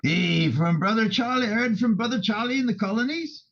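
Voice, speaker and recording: A man's voice: high voice, expressive, fairly quick, a bit bright, muffled recording. A man playing Richard, an 1850s Cornish sea captain, in a Cornish accent, rousing and persuasive.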